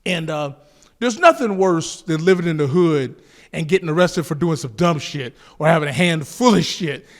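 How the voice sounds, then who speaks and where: A man from Southern California telling a street story in an animated, profane, laughing way. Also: a little high, moderate pace. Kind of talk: casual story told to camera.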